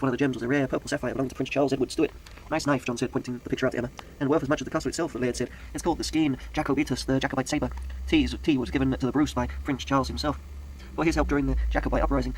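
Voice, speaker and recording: A man's voice: medium pitch, a little hiss or hum, poor audio. A man reading a mystery story aloud, correcting his own slips as he goes. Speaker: narrator.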